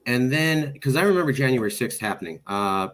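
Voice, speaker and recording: A man's voice: medium pitch, a little fast. A man interviewing a guest in casual conversation, telling anecdotes and acting out what people said. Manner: storytelling, animated with quoted voices.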